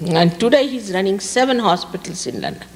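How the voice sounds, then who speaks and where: Indian woman spiritual teacher, lively sing-song delivery, reverberant hall. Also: medium pitch, fairly quick. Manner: emphatic, repeats key words for stress. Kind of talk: public spiritual talk. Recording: reverberant hall, faint background hiss.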